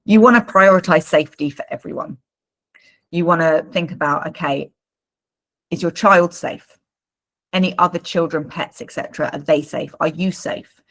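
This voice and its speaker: A woman coaching parents in a live workshop, her voice low and gravelly. She talks informally and loosely, with plenty of fillers and repeated words. Her tone stays low, with a rough, creaky edge. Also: moderate pace, pauses often. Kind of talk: live online workshop talk.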